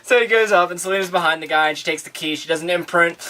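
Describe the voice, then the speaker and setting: A woman's voice: on the low side, racing, sharp tone. A woman co-hosting a casual TV recap, playful and jokey, cutting in with her own takes. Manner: playful, giggly, jumps in with jokes. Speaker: podcast co-host.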